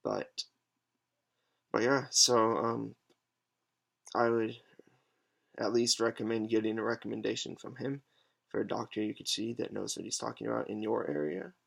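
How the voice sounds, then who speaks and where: A man in his twenties giving a halting, hesitant, unscripted monologue with many pauses and fillers. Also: fairly low pitch, steady tone, vocal fry. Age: 20s. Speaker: patient advocate vlogger. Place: alone at home.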